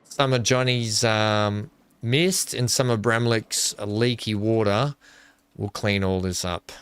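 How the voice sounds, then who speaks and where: A man with a fairly low, smooth, fairly bright voice speaks slowly and with fairly even intonation over a dry recording. While streaming a park-building game, he chats casually with viewers, wandering off topic, ribbing himself and thinking aloud through lots of fillers.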